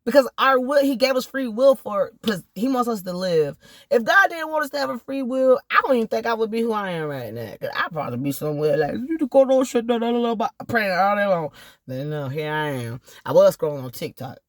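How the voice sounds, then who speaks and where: A woman's voice: medium pitch, lively intonation, a little fast, no echo, studio quality. A woman, sitting in her car and giving a heartfelt, direct personal testimony that turns into preacherly encouragement. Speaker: vlogger sharing personal testimony. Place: inside a parked car.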